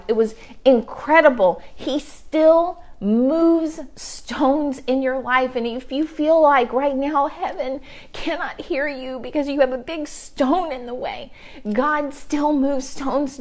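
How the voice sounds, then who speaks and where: A woman's voice: sits high, a little mellow. A woman giving an earnest devotional talk over a livestream, repeating key phrases for emphasis. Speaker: ministry leader. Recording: livestream video.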